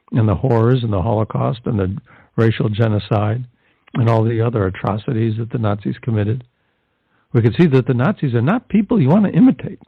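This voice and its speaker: Fervent male evangelist host, husky, dry narrow phone-like sound. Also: mid-range voice, no echo. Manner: fervent, full of rhetorical questions. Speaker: Catholic evangelist presenter. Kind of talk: podcast commentary. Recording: tinny phone-like line, dry.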